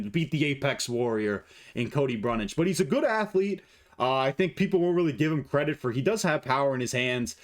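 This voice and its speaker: A man giving casual fight predictions as an MMA analyst, blunt and joking with plenty of swearing. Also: medium pitch.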